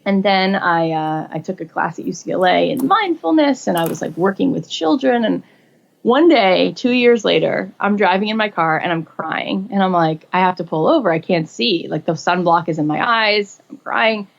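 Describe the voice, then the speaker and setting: Animated woman storyteller with gravelly edge. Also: normal speed, lo-fi sound. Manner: animated, acts out quotes with rising pitch. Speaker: guest. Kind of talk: casual storytelling interview.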